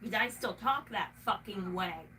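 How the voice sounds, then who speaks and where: A woman's voice: mid-range voice, measured pace, bright, forceful tone. Rambling, swearing woman with a Southern twang. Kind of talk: casual chat. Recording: noisy room, mic at a distance.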